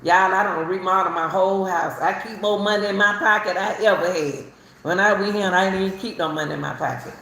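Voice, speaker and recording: A middle-aged woman from Chicago tells her own story in a casual, animated way, laughing often and repeating herself. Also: medium pitch, a little fast. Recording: roomy echo, faint ambience.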